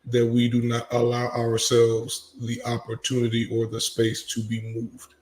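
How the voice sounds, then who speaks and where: Slow, measured man in a roomy space. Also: mid-range voice, completely flat delivery, a little mellow, slight background noise. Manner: measured, thoughtful. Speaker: podcast host. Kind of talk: casual conversation. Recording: echoey room.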